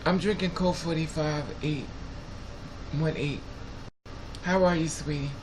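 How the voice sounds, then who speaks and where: A man's voice: fairly high pitch, steady tone, a little slow. A man hosting a live stream in casual, blunt and profane chat, laughing often. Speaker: livestream host. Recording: clear background noise with passing traffic.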